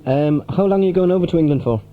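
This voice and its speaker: A man's voice: fairly high pitch, fast talker, slight background noise. A man presenting local radio, interviewing a guest in an easygoing way and reading out listener questions. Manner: easygoing, brief acknowledgements, reads out listener questions. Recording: dull lo-fi old radio tape.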